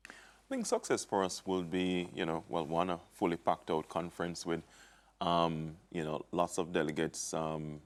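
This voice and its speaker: A man in his forties speaking as a guest on a TV show, calm and measured, with many small fillers. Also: low voice. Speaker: educator, guest. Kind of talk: studio interview.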